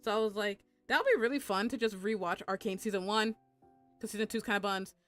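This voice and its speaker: A woman's voice: medium pitch, fast, fairly bright tone, faint music behind. A young adult woman chatting casually on a live stream, rambling and swearing with lots of filler words.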